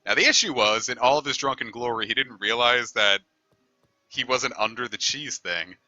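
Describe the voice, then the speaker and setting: A man's voice: medium pitch, normal speed, sharp tone, no echo, lo-fi sound. A man streaming a game, telling a long story in a rambling, easygoing way and swearing casually. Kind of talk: casual storytelling over gameplay.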